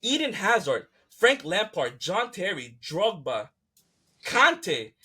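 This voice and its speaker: A man's voice: high voice, big pitch swings, slow pace, pushed and bright, slightly rough. A man hosting a podcast, ranting in a fired-up, profane, repetitive way. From United States. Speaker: podcast host. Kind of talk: heated casual rant.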